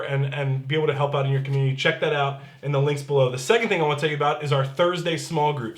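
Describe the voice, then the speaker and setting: Upbeat chatty male pastor, echoey room. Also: on the high side. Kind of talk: casual church announcements and scripture reading.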